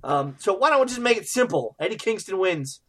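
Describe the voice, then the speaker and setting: A man co-hosting a podcast in casual chat, animated and jokey, with bursts of excitement. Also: sits high, a little fast. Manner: animated, jokey, trails off with fillers. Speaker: podcast co-host.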